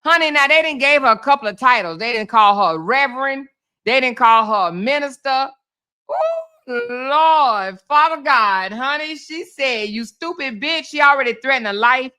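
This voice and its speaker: A woman hosts a casual reaction commentary and talks straight to her viewers. Her voice sits a little high, and her tone is bright and forceful. She speaks in an animated way, exclaiming as she reacts. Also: normal speed, clean tone. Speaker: host.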